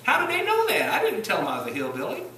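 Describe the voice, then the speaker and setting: Speaking fast in a very high voice whose pitch swoops wildly, a Southern-accented Virginia preacher sounds pushed and bright as he asks his congregation rhetorical questions during an emphatic sermon. The sanctuary recording is roomy and distant, with a little hiss or hum.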